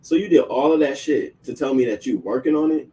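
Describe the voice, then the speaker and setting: Man, casual profane storytelling, mellow voice, a bit far from the mic, light background hiss. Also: mid-range voice, brisk. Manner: profane, animated, acts out quoted voices. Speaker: show host.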